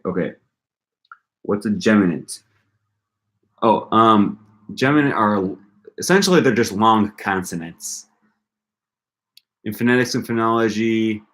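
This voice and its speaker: Young man, very low voice; casual live-stream study talk, thinks aloud, repeats sounds. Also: fairly bright tone. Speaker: language-learning streamer.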